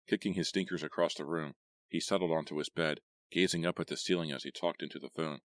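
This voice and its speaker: Deep-voiced male audiobook narrator. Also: fairly even intonation, fast talker, no room sound. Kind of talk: scripted horror audiobook narration.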